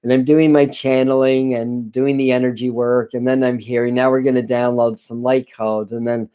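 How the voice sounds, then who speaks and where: A man hosting a spiritual channeling live stream from a dim room at home, talking casually in halting phrases with frequent restarts. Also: medium pitch, flat delivery, clean tone. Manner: halting, many restarts and apologies, soft laughs. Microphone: computer camera live stream.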